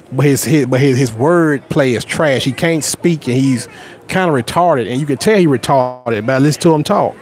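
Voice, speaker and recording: A livestream host with a Southern accent chats casually with viewers, greeting them by name in a fairly high, slightly mellow voice. He's blunt and boastful, rambling along with frequent repeated words and restarts.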